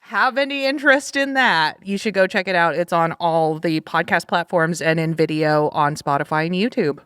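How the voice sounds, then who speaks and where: A woman co-hosting a casual podcast, upbeat and giggly, with quick joking asides. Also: on the low side, a bit bright, clear, resonant tone, dry recording, clean studio sound. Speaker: podcast co-host.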